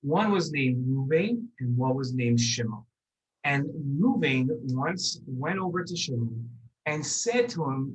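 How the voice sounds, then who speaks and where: A man telling a story to children, lively and expressive, speaking directly to his young listeners. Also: on the high side, moderate pace, rough recording. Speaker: rabbi storyteller.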